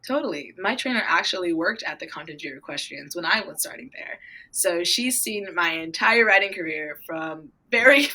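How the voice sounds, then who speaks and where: Bubbly teenage girl, bright voice. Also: fairly low pitch. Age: teens. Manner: bubbly, storytelling, acts out her own excited reactions. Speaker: young equestrian guest. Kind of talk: casual interview answers.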